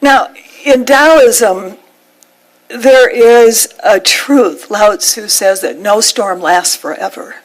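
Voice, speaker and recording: A woman minister giving a sermon, telling a heartfelt story with measured pauses. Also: mid-range voice, low-quality recording.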